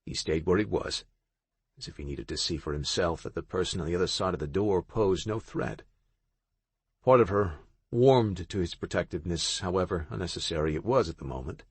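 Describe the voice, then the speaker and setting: Audiobook narrator: man, low-pitched, slightly husky, romance reading. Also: a little fast, no echo. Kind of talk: scripted romance novel narration.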